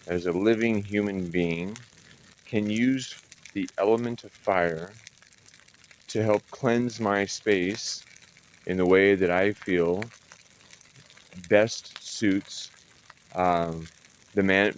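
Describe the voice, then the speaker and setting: A man's voice: deep voice, slight background noise. A middle-aged man telling a story to camera in a blunt, profane, defiant way. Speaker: veteran vlogger. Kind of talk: casual monologue to camera.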